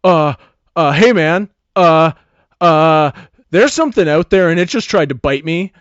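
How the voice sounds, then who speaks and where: A man's voice: sits high, big pitch swings, normal speed, no room sound, voice pushed up. A man voicing a big, dim young football jock who stammers, flustered, on dry, slightly dull podcast audio. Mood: panicked.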